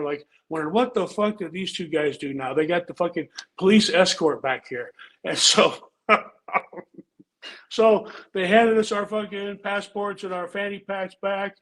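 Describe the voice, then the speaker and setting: An older man tells a rambling story thick with swearing, his voice sitting a little high for a man. He talks in a loose, laid-back way, like a former pro wrestler chatting with friends. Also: fairly bright tone, low-quality recording. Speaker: pro wrestler and show regular. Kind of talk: casual storytelling chat.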